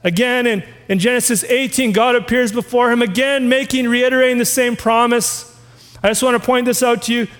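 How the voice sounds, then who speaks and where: A man's voice: very high-pitched, fairly even intonation, fairly quick, fairly bright tone, in a large hall. A man preaching a sermon as a pastor, reading scripture aloud and asking the listeners questions.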